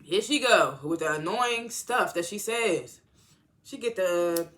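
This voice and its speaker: In a loose, rambling recap of a TV episode, the reviewer stumbles along with lots of fillers and frustrated side comments. Their voice is mid-range and a bit bright.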